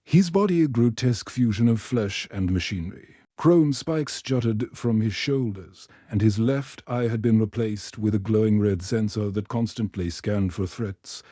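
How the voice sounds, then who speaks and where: Male narrator, scripted story, steady delivery, dark mellow voice, dry close sound. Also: on the low side, measured pace, few pauses, no room sound.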